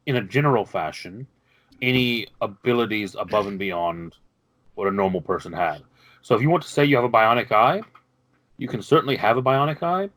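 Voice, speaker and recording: A man explaining the rules of a tabletop game as game master, measured and patient. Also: lowish voice, fairly bright tone, no room sound, rough recording.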